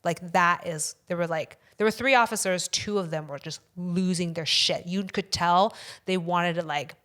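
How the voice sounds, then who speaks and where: A woman with a somewhat low voice tells a long story as a podcast guest. She is casual and rambling. She swears often for emphasis. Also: moderate pace, fairly bright tone.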